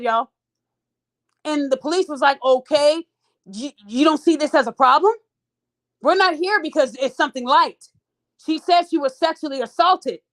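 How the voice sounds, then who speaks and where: A woman with a high, bright-pitched voice tells a story to her podcast listeners. Her delivery is casual and animated, and she keeps turning to them with "y'all" as she goes. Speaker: podcast host.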